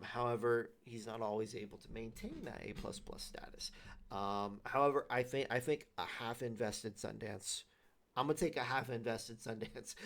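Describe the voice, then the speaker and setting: A man hosting a league show, giving his predictions in loose, repetitive casual talk with many fillers and restarts. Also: medium pitch.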